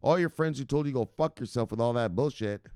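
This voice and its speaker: A man hosting a crypto livestream from home, cursing freely, laughing often and shouting at his viewers. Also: medium pitch, fairly quick, clean tone, no echo, studio quality. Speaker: crypto news host. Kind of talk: casual livestream rant.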